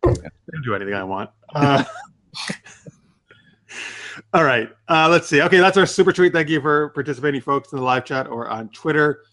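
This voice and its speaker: A man's voice: on the high side, expressive, moderate pace, pauses often, fairly bright tone. A man hosting a casual podcast, talking loosely and swearing freely. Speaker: podcast host.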